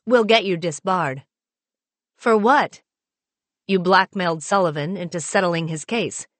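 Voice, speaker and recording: A woman voicing a cold, forceful woman conspirator who speaks in curt threats, read in a storybook reading. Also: on the low side, unhurried, no room sound. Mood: threatening.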